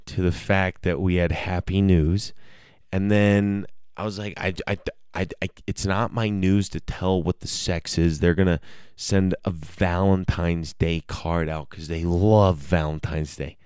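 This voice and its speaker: A man's voice: low voice, darkish tone, smooth, no room sound, clean studio sound. A man hosting his own show, telling a rambling, self-mocking story with many hesitations. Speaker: podcast host. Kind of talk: casual storytelling monologue.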